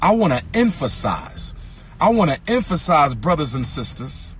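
High, lively man giving a rousing speech. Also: normal speed, husky, faint music behind. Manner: rhythmic, emphatic repetition of lines; occasionally sings or shouts phrases. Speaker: speaker addressing an audience. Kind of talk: impassioned speech.

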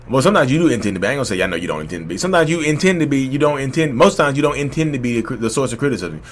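A man speaks in a candid, unscripted monologue. He rambles and restarts, and his voice climbs loud when he gets heated. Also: medium pitch, expressive, very fast, a little hiss or hum. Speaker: vlog host speaking on his own experience.

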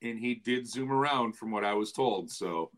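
A man's voice: medium pitch, normal speed. A man who works as a play-by-play announcer, talking as a podcast guest over a video call, telling stories with frequent laughs and restarts. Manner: chatty storyteller, laughs often, restarts phrases. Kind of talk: casual chat.

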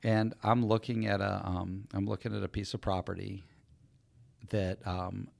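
Man co-host, low gravelly voice, lively yarn-spinner, dry close sound. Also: normal speed, no echo. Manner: animated storyteller, acts out quoted voices. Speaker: podcast co-host. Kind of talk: casual storytelling chat.

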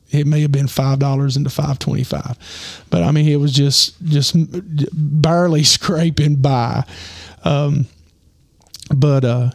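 A man telling a rambling personal story with lots of fillers, his voice getting hoarse. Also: on the high side, darkish tone, dry recording, clean studio sound. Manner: rambling, many fillers and restarts. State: losing his voice. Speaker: podcast host. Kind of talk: casual storytelling.

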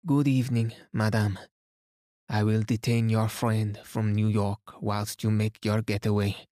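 Male narrator doing a precise, self-satisfied older sleuth, slightly low, French asides. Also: flat delivery, measured pace, mellow, no echo, clean studio sound, natural voice. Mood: mildly reproving. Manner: mildly reproving, polite, sprinkles French words. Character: fussy, self-assured older male detective.

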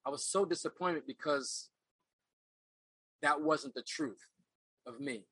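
Slow and sharp-toned, with a somewhat high, slightly rough voice, a middle-aged man tells his life story as a podcast guest in a casual interview. He is earnest and reflective, frequently repeating phrases as he searches for words, and the poor audio has no room sound.

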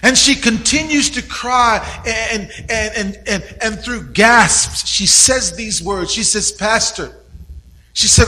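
A high, bright male voice belongs to a pastor preaching in church. He tells his story with a varied delivery, dotted with "uh"s and repeated "and"s. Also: takes it slowly, in a large hall, rough recording. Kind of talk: sermon.

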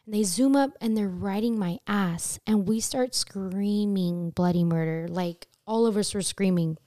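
A young woman hosting a casual chat, telling a story in an animated way, swearing freely and jumping high in pitch when she acts out her screams. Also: measured pace, dry recording, studio quality. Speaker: podcast host telling a story.

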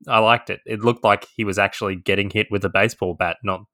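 A man co-hosting a casual podcast, talking in halting bursts that often restart mid-phrase. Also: fairly low pitch, steady tone, pushed and bright, no echo, studio quality. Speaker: podcast co-host. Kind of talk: casual wrestling podcast chat.

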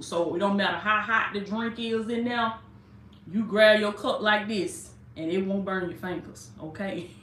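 A woman's voice: mid-range voice, a little hiss or hum. A woman hosting a casual preaching livestream. She greets viewers over and over and calls them "baby.". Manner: warm, repetitive welcoming, calls listeners "baby". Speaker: livestream host and life coach. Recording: echoey room.

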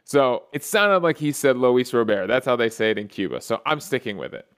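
A man hosting a podcast, recapping a baseball game in a casual solo talk with excited play-by-play storytelling and frequent restarts. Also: medium pitch, brisk, smooth. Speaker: podcast host.

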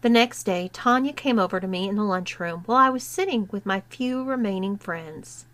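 A woman narrating a written story in a slow, deliberate reading. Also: medium pitch, a bit bright. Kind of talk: scripted narration of an erotic story.

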